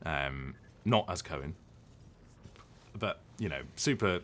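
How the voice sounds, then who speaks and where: A voice actor chatting casually on a live stream, rambling and hesitant with lots of ums and restarts. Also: male voice, deep voice, expressive, slow pace, a bit bright, a little hiss or hum.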